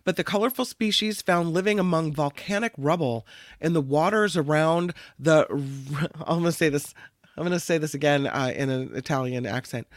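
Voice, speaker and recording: High-pitched guy co-hosting a chatty news show, jokey asides, dry close sound. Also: moderate pace, dry recording. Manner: playful, reads stories aloud with asides. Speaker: co-host. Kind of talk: casual news chat.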